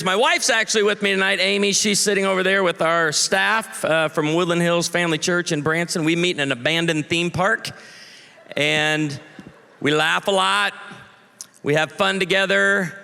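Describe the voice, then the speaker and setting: A man's voice: sits high, vocal fry, pushed and bright, smooth. A man in his forties, a pastor doing stand-up comedy for a live audience, punchy and playful, calling for the crowd to answer. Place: large live venue. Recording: long reverb of a large venue.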